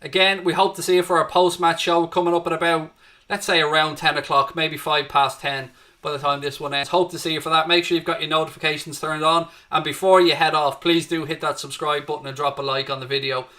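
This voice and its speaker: An Irish man hosts a live fan watchalong, chatting with viewers, greeting them, reading their chat, and lifting up when the match action hits. His voice is on the high side, pushed and bright, delivered briskly but flatly.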